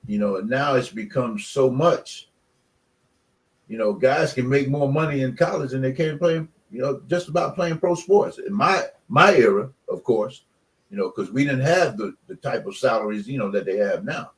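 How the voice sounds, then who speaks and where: A man's voice: medium pitch, normal speed, far from the mic. Rambling older man, slightly off mic. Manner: rambling, many "you know" fillers; emphatic, passionate about commitment. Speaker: guest, former college football player. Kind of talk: casual radio chat.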